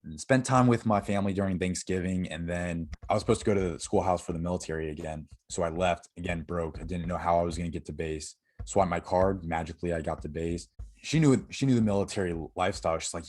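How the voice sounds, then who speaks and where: A young man with a notably deep, low voice talks as an interview guest. He tells a personal story in a candid, halting way, stopping and restarting and leaning on fillers. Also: a little mellow. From Florida. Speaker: podcast guest.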